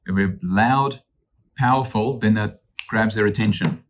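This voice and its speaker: A man, a real estate agent teaching cold calling in an upbeat, energetic way that acts out phone calls. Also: on the low side, normal speed. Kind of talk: instructional talk.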